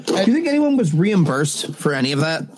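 Joking man on a podcast, higher voice. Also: big pitch swings, brisk, background noise. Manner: dry, joking asides. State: intoxicated. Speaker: podcast co-host. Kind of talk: casual podcast chat.

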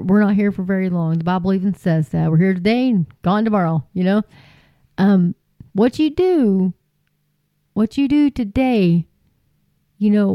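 A woman's voice: medium pitch, dry recording, dull audio. A woman preaching informally and earnestly to her viewers, folksy and repeating phrases for emphasis. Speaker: Christian YouTube preacher.

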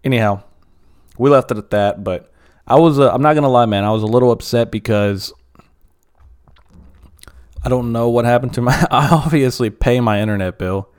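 A man's voice: medium pitch, moderate pace, pauses often, a little mellow, smooth. A man hosting a casual solo podcast, rambling and swearing freely with lots of fillers. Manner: profane, rambling, frequent fillers. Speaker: podcast host.

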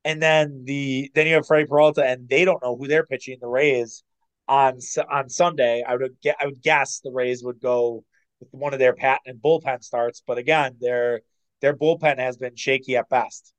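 A man co-hosting a casual sports podcast, opinionated and animated, with quick asides and some swearing. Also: mid-range voice, rough recording. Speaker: podcast co-host.

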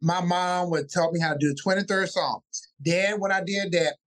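High-voiced animated male pastor. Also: moderate pace. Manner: animated, acts out family voices mid-story. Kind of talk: casual interview storytelling.

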